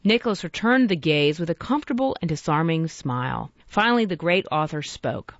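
A woman narrating a story aloud in a measured, expressive reading. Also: sits low, no room sound, lo-fi sound.

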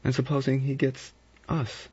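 A man's voice: lively intonation, normal speed, gravelly. A man voicing a frightened but obstinate young Englishwoman in a raised, strained voice. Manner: high, strained feminine voice put on. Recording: dull lo-fi recording.

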